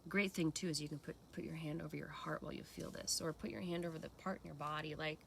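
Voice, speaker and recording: A woman's voice: sits low, steady tone, fast, creaky, a bit bright, a little hiss or hum. A woman talking earnestly and expressively in a casual reflective way, acting out her own inner voices. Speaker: speaker sharing personal practice. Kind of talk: casual reflective talk to camera.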